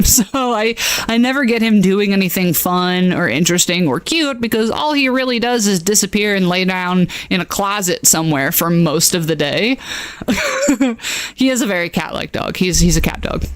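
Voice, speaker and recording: A woman's voice: mid-range voice, dry recording. A woman chatting casually on her livestream at home, laughing often and talking in a bubbly way. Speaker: streamer.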